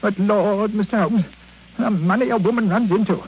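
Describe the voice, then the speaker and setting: Grumbly self-pitying old man, high voice, old-timey radio drama. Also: moderate pace. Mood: whining. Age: older. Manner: whining, grumbling. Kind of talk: 1940s radio acting. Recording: dull old radio recording, faint hiss.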